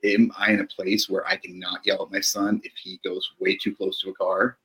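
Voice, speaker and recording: A middle-aged man, a therapist, talking calmly and reflectively in a podcast conversation, often checking in with "right?". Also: deep voice, moderate pace, low-quality recording. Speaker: therapist guest.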